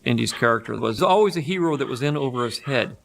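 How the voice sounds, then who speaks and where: A man's voice: medium pitch, expressive, fast, vocal fry, very noisy. A man, a filmmaker, speaking thoughtfully and conversationally in a documentary interview.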